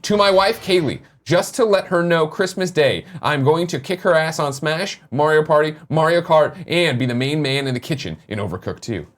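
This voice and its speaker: Animated man reading tips, joking. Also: a little high, moderate pace, hardly any pauses. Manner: joking, animated, swears casually. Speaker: podcast co-host. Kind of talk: reading viewer tips aloud on a live morning show.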